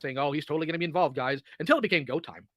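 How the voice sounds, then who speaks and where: A man's voice: fairly high pitch, rapid-fire, fairly bright tone. A man lecturing someone in a heated, insistent rant, repeating himself and demanding answers. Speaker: streamer in an online argument.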